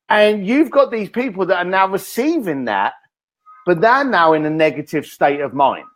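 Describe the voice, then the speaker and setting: A man, a guest author in an interview, telling energetic stories and acting out the lines he quotes. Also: sits high. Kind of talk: animated interview talk.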